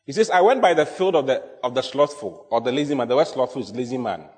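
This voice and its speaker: A pastor preaching a sermon, emphatic and repetitive, often quizzing the congregation. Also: male voice, mid-range voice, lively intonation, fast talker, a little mellow. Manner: emphatic, repeats key phrases, asks the congregation questions. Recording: long hall reverb.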